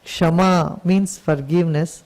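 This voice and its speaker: A man giving a spiritual talk as a teacher, telling a story in a gentle, unhurried storytelling manner. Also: fairly high pitch, steady tone, rough recording.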